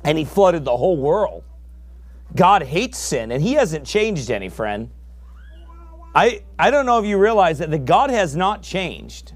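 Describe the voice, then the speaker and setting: A man preaching a fiery sermon, his voice climbing to shouts as he presses his points. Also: a little high, big pitch swings, a little slow.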